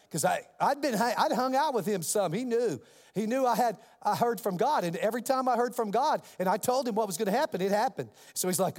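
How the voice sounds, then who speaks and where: A man preaching as a pastor, telling a story in an animated way and acting out the other people's voices. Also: sits high, fast, long reverb tail. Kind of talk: sermon storytelling.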